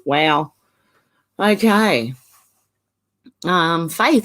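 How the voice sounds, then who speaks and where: A woman's voice: mid-range voice, animated, measured pace. Chatty Australian woman with a smoker's cough. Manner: chatty, laughs often, greets viewers by name. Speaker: channel host. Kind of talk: casual livestream chat. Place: indoors at home, beside a filing cabinet.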